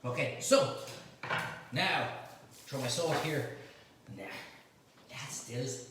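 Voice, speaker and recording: Speaking slowly at a medium pitch, a middle-aged Irish man hosts a live cooking show from his home kitchen, guiding viewers through a recipe while teasing his helpers. The echoey room is captured by a distant mic, with faint noise underneath.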